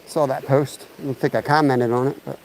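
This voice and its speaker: A man's voice: medium pitch, fairly even intonation, brisk, darkish tone, poor audio. A man chats his way through a fishing livestream by a lake, rambling casually to viewers as he casts. His voice comes through a chest-mounted mic. Faint outdoor noise and the odd passing vehicle sit behind him. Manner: rambling and chatty, talks to viewers in chat. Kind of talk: casual live-stream chat while fishing outdoors. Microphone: chest-mounted camera mic.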